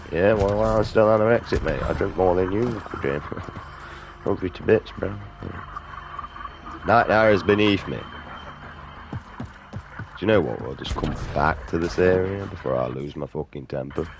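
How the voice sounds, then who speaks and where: A man's voice: a bass voice, background noise. A man rambling and swearing casually while playing a video game. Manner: rambling, profane, drawling. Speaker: gaming streamer.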